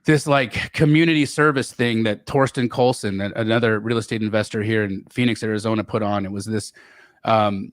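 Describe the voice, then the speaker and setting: A middle-aged man telling stories as a podcast guest, animated, often repeating words and restarting. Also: no room sound, clean studio sound. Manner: animated, acts out quoted voices with big pitch jumps. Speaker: guest real estate investor. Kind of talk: storytelling in a podcast interview.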